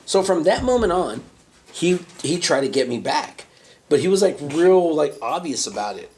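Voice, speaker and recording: A man with a slightly high voice talks at a normal speed over a crowd in the background. He's a podcast host telling a profane workplace story in casual chat, animatedly acting out the quoted voices in a raised tone and scattering fillers like "right?" and "you know."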